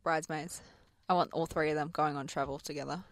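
A woman's voice: low-pitched, fairly even intonation, brisk, no room sound. A woman co-hosting a radio show, trading sarcastic, playful comebacks. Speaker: radio co-host. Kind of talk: casual banter.

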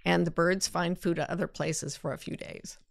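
A woman's voice: lowish voice, steady tone, moderate pace, vocal fry, dry recording, studio quality. A woman hosting a talk, answering listener questions in a candid, self-deprecating way. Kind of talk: reflective casual talk.

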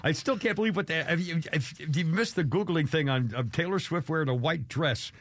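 A man's voice: on the high side, a little fast, a bit bright, slight background noise. A man hosting a radio show in casual banter, rambling and joking, laughing often.

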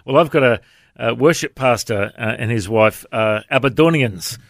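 A man, a pastor, hosting an interview and asking friendly, halting questions. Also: medium pitch, no echo, clean studio sound. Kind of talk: casual interview.

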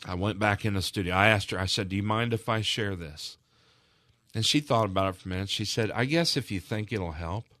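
A man's voice: on the low side, a little fast, a bit bright, no echo, clean studio sound. A man speaking as a guest on a charity radio broadcast, telling a heartfelt story in an earnest, emotional way with frequent restarts.

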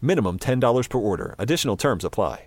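A man reading a scripted commercial in a smooth, steady way. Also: medium pitch, fast, no room sound. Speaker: ad voice-over.

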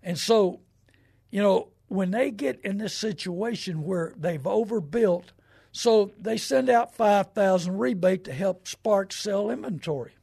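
A middle-aged man hosting a show, talking in a folksy, rambling way and leaning hard on his points. His voice sits high for a man and has a gravelly edge. It also sounds husky. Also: unhurried, darkish tone. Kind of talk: casual advice talk.

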